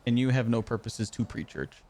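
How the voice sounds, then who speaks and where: A man at a medium pitch with a lively, swinging delivery, bantering in a roleplay game. He keeps poking at the others with teasing questions and needling follow-ups. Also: brisk.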